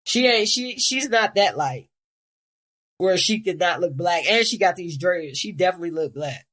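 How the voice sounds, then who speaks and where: A woman's voice: on the low side, lively intonation, moderate pace, fairly bright tone. A woman co-hosting a podcast in casual, profane chat, blunt and rambling. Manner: blunt, rambling, swears freely. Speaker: podcast co-host.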